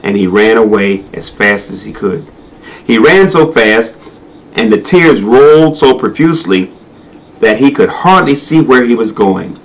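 A man reading a children's storybook aloud in a slow, expressive, sing-song manner. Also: on the low side, low-quality recording. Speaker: narrator.

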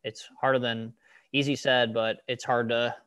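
A man's voice: medium pitch, little pitch movement, normal speed, fairly bright tone, clean tone, dry recording. A young man who coaches cyclists, chatting on a podcast over a video call and filling his talk with "like" and "you know". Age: young adult. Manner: rambling, full of "like" and "you know". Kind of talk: casual podcast chat.

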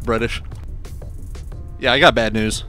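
A man's voice: medium pitch, unhurried, soft background music. A man chatting casually and jokily while streaming a multiplayer game. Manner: excitable, jokey, laughing. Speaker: gamer streamer. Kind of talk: casual gameplay chat.

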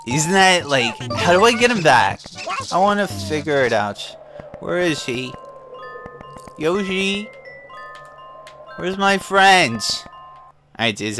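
Young male gaming YouTuber, hyped, swooping voice, music playing behind him. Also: mid-range voice. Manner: excitable, over-the-top reactions, calls viewers dudes. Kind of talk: casual gameplay commentary. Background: game music.

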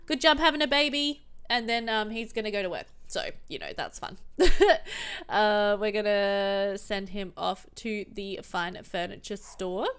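A woman's voice: medium pitch, measured pace, clean tone. A young woman chatting casually as she comments on her own gameplay, exclaiming and laughing often. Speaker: gaming commentator.

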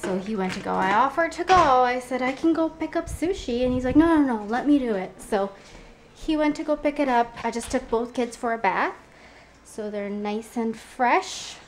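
A woman's voice: fairly high pitch, normal speed. A young woman, a mother, chatting casually in a family vlog, telling stories and acting out quotes at home. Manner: chatty storytelling, acts out quotes. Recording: noisy background.

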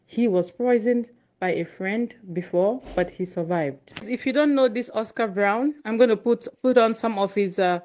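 A woman's voice: a little high, moderate pace, hardly any pauses, darkish tone. A Nigerian woman presenting news on her vlog, chatty and speaking straight to her viewers. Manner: chatty, addressing viewers directly. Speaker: news vlogger.

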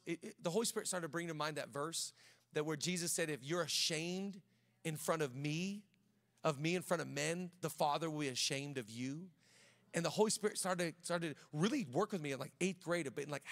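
A middle-aged man, a pastor, preaching a sermon in a casual, conversational way, breaking into personal stories with frequent restarts. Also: fairly high pitch. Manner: conversational, many restarts, drops to quiet storytelling. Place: large church auditorium. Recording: long hall reverb.

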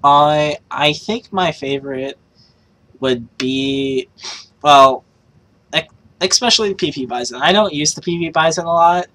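Low-voiced woman, excitable and foul-mouthed. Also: unhurried, poor audio. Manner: excitable, swears a lot, shrieks when thrilled. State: yelling in excitement. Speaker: gaming streamer. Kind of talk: casual gaming commentary.

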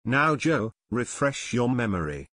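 A tall, peppery older aunt , read by a man narrating a storybook, fires off brisk, sharp questions. The voice sits in a middling register, heard close and dry with no room around it. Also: mid-range voice, very animated, no echo. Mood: incredulous. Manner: brisk, sharp cross-examining.

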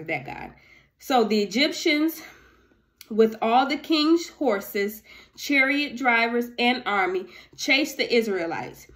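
A woman's voice: mid-range voice, a bit bright. A woman reading a Bible passage aloud and breaking off into casual, ad-libbed commentary. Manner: conversational, ad-libbing asides between verses. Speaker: Bible teacher.

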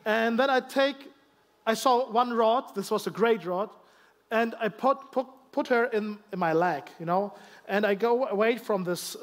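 German guy preaching, high voice, halting english, joking about himself. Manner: halting, self-deprecating humor, frequent restarts. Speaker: guest pastor. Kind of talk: sermon with personal stories. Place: church sanctuary.

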